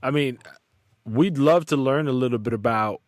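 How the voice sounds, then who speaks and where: A man's voice: medium pitch, moderate pace, no echo, studio quality. A man hosting a podcast, chatting casually in an easygoing, slangy way and introducing a guest. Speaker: podcast host. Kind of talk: casual chat.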